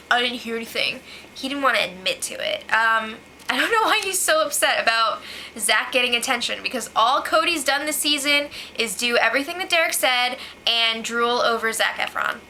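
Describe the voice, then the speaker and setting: Bright, high-voiced chatty young woman. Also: a little hiss or hum, poor audio. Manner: chatty and sarcastic, lots of "like". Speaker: host recapping a reality show. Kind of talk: casual spoken recap.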